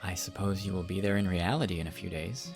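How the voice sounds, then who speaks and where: A young man playing a devoted, sincere suitor in an audiobook, speaking quietly and with restraint. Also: sits low, fast, soft background music. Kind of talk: audiobook character reading.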